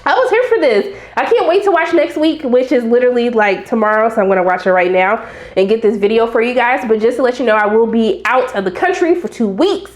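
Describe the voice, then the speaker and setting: A young woman giving a casual, animated TV episode recap, talking back sassily to the characters. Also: fairly high pitch, fairly quick, reverberant. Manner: animated and sassy, acts out reactions to the characters. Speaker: TV recap reviewer.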